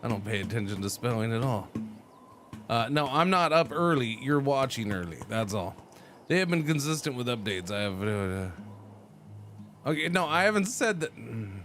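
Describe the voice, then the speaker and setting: A man's voice: mid-range voice, very animated, moderate pace, fairly bright tone, faint music behind. A man streaming a game, chatting casually and answering his chat, rambling and stumbling over repeated words. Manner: talks back to chat messages.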